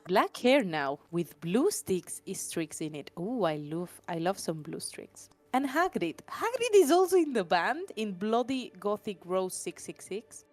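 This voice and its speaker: A woman's voice: medium pitch, big pitch swings, a little slow, hardly any pauses, a little mellow. A woman doing a comedic reading on a stream, breaking off for wry, exasperated asides. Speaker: stream co-reader.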